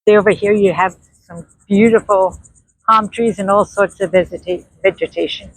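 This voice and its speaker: A woman's voice: mid-range voice, fairly even intonation, normal speed, no room sound, poor audio. A woman with a New York accent, chatting casually to her viewers as she films a walk along a windy beach on a handheld phone. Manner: chatty, addresses viewers as friends. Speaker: vlogger. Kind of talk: casual walking vlog narration. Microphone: handheld phone camera. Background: faint surf and wind.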